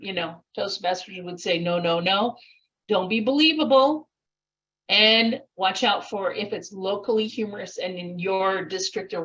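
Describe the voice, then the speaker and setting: A woman's voice: mid-range voice, fairly bright tone, lo-fi sound. A vivacious woman presenting a speech contest workshop, acting out little voices and laughs as she explains. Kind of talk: online workshop talk.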